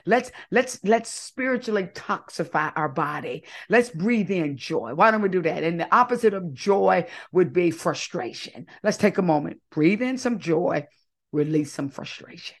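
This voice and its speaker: A woman's voice: on the low side, animated, moderate pace. A woman hosting an inspirational faith talk, coaxing listeners to repeat affirmations after her in call-and-response. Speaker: podcast host.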